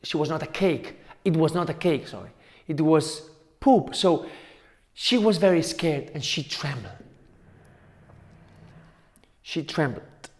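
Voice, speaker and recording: A male teacher telling a folk tale to schoolchildren, slow and repetitive with dramatic pauses. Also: a little high, animated, a little mellow. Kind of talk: storytelling for children.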